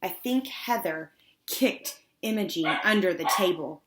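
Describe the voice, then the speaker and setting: A woman reading first-person audiobook narration with wry, deadpan asides. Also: on the low side, unhurried, noisy background.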